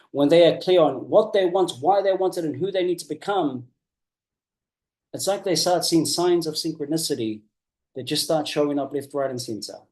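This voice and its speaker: Brief: New man, business coach, slightly high mellow voice, earnest and emphatic. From New Zealand. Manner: earnest and emphatic, repeats key phrases, slows down to stress points. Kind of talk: motivational coaching talk.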